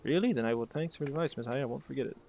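A man's voice: medium pitch, racing, vocal fry, a little mellow, close to an everyday voice. A man reading aloud the lines of an eager young boy who dreams of adventure, asking question after question.

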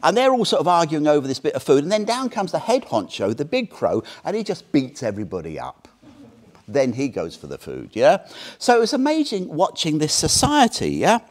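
Lively older man telling a story. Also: on the high side, fairly quick. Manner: animated storyteller, tags sentences with "yeah?". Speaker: Buddhist teacher. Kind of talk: anecdotal dharma talk.

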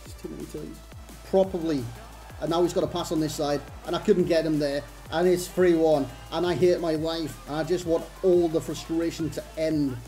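A man's voice: fairly high pitch, steady tone, moderate pace, mellow. Brief man in his thirties, gaming commentator, frustrated and sardonic, faint game music behind. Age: 30s. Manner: exasperated, self-mocking running rants. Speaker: gaming YouTuber. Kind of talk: live gameplay commentary.

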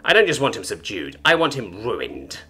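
A man's voice: medium pitch, big pitch swings, brisk, sharp tone, slightly rough, exaggerated voice. A man voicing a haughty, cold female alien information broker in a storybook reading, with clipped, formal, disdainful speech.

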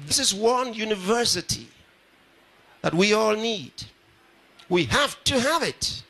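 A man's voice: sits high, expressive, slow, vocal fry, pauses often, bright, forceful tone. A pastor addressing a live audience at a ceremony, repeating his phrases and putting questions straight to the crowd. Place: large ceremony hall.

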